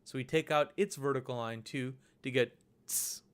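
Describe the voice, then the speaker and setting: A man's voice: medium pitch, moderate pace, clean tone. Patient man teaching over slides. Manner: patient, step-by-step explaining. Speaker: language teacher. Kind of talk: recorded lesson narration.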